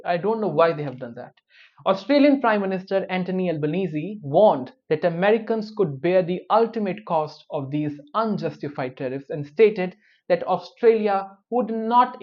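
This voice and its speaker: A man giving news commentary, dropping wry, opinionated personal asides between the reports. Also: a little high. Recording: dull lo-fi recording.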